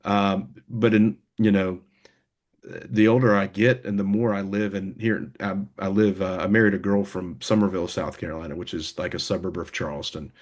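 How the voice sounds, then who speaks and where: A man's voice: deep voice, fairly even intonation, moderate pace. A young man, a band member, talking casually in an interview, rambling with many fillers and restarts. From United States.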